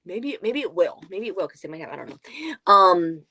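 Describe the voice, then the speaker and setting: A woman co-hosting a book club livestream, chatting casually and going off on rambling, animated tangents. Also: lowish voice, moderate pace. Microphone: video call.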